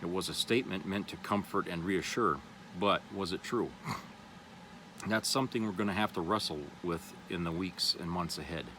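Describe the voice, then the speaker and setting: Guy with a really low voice reading a news piece then just chatting, lots of "you know", little car noise in the back. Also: normal speed, pushed and bright, low-quality recording. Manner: loose and rambling, with many "you know" fillers. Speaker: vlogger. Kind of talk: reading an article aloud, then casual commentary.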